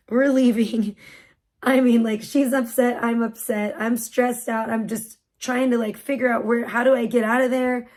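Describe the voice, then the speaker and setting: A woman's voice: on the high side, a little mellow. A woman live streamer telling a story in a rambling, frazzled way and swearing freely. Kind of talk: casual storytelling on a livestream.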